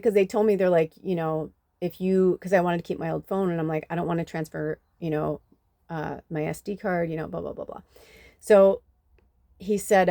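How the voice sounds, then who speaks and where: A woman's voice: low-pitched, vocal fry, mellow, no echo. A woman hosting a spiritual reading channel, telling a story in a loose, chatty way with lots of fillers and casual swearing. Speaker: spiritual reader, channel host.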